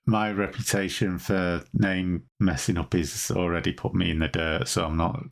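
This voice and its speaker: A low, gravelly man from the United Kingdom co-hosting a podcast. He rambles through his story in a chatty way and drops wry asides as he goes. His delivery stays casual throughout. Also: little pitch movement, normal speed. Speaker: podcast co-host.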